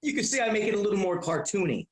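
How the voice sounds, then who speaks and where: Middle-aged male podcast guest, high-pitched, lively storyteller, roomy echo. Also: very fast. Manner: animated, profane, repeats himself. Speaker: guest, comedian. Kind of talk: casual storytelling.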